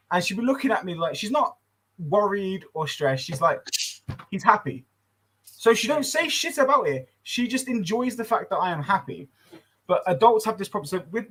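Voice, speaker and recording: A man in his thirties talks in a loose, rambling way on a casual podcast, swearing freely. His voice is slightly high and husky. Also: bright, forceful tone, low-quality recording. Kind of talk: casual chat.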